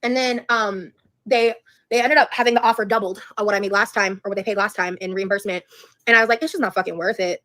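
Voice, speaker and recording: A woman's voice: medium pitch, steady tone, fast, sharp tone. A woman chatting casually on her livestream, rambling and frank, swearing freely.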